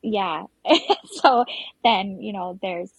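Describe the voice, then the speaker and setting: A woman's voice: medium pitch, slow pace, slightly rough, no room sound, highs cut off. A woman guest on a podcast, chatting through a personal story with many fillers and frequent laughter. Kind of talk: casual storytelling interview.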